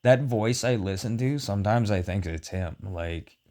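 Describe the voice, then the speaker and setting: A man's voice: lowish voice, moderate pace, a crowd in the background. A man chatting casually with his wife, loose and joking, swearing freely and laughing often. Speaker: co-host of a couple's chat vlog. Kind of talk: casual chat.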